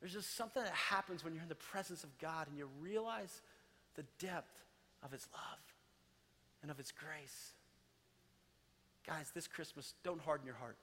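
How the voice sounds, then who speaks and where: A man in his thirties, a pastor giving a sermon, swinging from loud, rising passages to hushed, soft ones. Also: a little high, normal speed, pauses often, husky. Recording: long reverb of a large hall.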